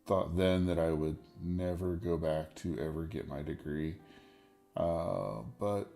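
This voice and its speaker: A man in his forties hosting a casual solo podcast, rambling in a wry, stream-of-consciousness way with a deep radio voice. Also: unhurried, creaky, dark tone, soft background music. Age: 40s. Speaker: podcast host.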